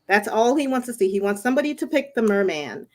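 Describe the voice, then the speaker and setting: A woman's voice: on the high side, very animated, fast, a little mellow. A woman in a casual podcast chat who talks with enthusiasm and laughs often.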